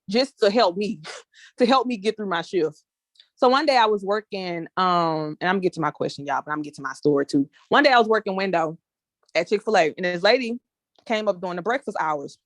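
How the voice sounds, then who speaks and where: A woman's voice: mid-range voice, dry recording. A woman leading a small group discussion, telling a casual story in a chatty way and addressing listeners as y'all. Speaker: discussion leader.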